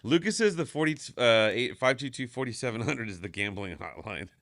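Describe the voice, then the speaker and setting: A man's voice: medium pitch, lively intonation, a little fast, a bit bright, dry recording. A man hosting a live stream, chatting casually, reading viewer comments aloud and swearing offhand. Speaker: stream host.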